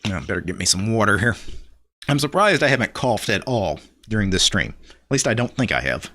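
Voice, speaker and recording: A man's voice: lowish voice, a little fast. Chatty Louisiana man hosting a live stream. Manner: relaxed, chatty, laughs often, reads viewer comments aloud. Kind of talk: casual live stream chat.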